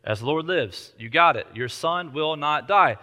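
A man voicing a weary king who answers in a low, quiet, measured way. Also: animated, big-room sound. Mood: solemn. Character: weary, low-voiced ancient king granting requests.

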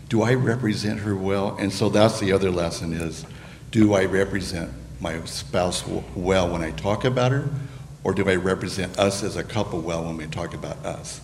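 A man's voice: low voice, moderate pace, darkish tone, big-room sound, a little hiss or hum. An older man earnestly sharing a personal testimony about marriage at church, with some restarts. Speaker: guest speaker on marriage.

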